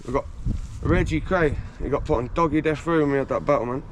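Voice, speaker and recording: A man's voice: on the high side, fast talker, noisy background. A man from England telling boastful stories in a casual, slangy street interview, swearing freely while standing outdoors on a residential street.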